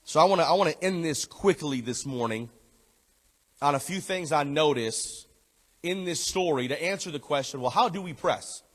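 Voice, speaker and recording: Fairly high-voiced preacher in an echoing hall. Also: male voice, animated, moderate pace. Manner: emphatic preaching with repeated phrases, dropping low and soft for tender appeals. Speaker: pastor. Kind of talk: sermon. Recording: echoey hall.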